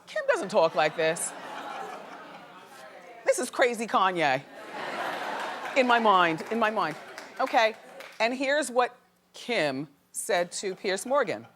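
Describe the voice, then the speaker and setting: A woman talk show host giving an animated, opinionated gossip monologue to a studio audience. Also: medium pitch, slow, long pauses, crowd noise, noisy background.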